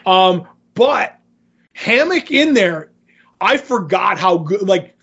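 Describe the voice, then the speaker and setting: A man in a casual podcast chat, retelling comic stories with animated energy and acting out the quotes. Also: high voice, takes it slowly, gravelly, husky. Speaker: podcast co-host. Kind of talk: casual comic book discussion. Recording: dull lo-fi sound.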